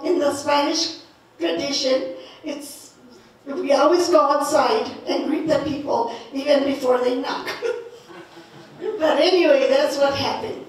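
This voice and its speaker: A woman from northern New Mexico tells a folk tale slowly and animatedly, with a high voice. She often laughs along with her story. The sound is heavily echoey and distant. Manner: lively, laughing, slow telling. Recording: echoey, from far off.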